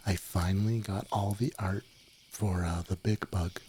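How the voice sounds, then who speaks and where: A young man with a very low voice chats softly into a desk mic before bed. He rambles, giggles, and drifts into whispers as he talks with his viewers. A faint hiss sits under the recording. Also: level tone, normal speed. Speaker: streamer. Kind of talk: soft-spoken late-night stream chat. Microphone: desk microphone, no windscreen.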